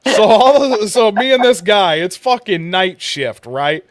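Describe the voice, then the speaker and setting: A man's voice: high voice, expressive, unhurried, dry recording, clean studio sound. A man telling a long profane story in casual podcast chat, rambling and crude. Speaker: co-host.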